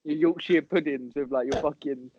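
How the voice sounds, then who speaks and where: A man bantering on a podcast with a slightly high voice. He talks bluntly, swears freely and teases his co-host. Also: normal speed, lo-fi sound, a little hiss or hum. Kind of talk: casual chat.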